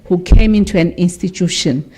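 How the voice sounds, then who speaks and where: A woman's voice: lowish voice, normal speed, darkish tone. A woman acting as master of ceremonies at a university event. She talks off the cuff and in a chatty way, checking with the planning team aloud while speaking into a podium microphone in a function hall. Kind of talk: informal hosting of a formal ceremony.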